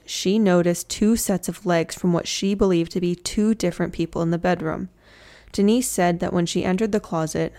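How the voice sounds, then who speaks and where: A woman's voice: fairly low pitch, darkish tone. A woman telling a true crime story in a casual, chatty way, with slangy joking asides.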